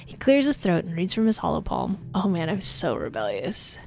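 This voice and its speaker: A woman streaming a text game, reading it aloud with snarky, laughing asides, her voice going hoarse. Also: on the low side, huge pitch swings, normal speed, hardly any pauses, a little mellow.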